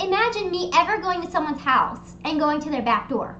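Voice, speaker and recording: A young woman hosting a casual livestream chat from home, telling stories in an animated, rambling way with lots of fillers. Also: very high voice, fast, hardly any pauses, reverberant, muffled recording, a little hiss or hum. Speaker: streamer hosting a live hangout. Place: her home. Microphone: streaming desk mic.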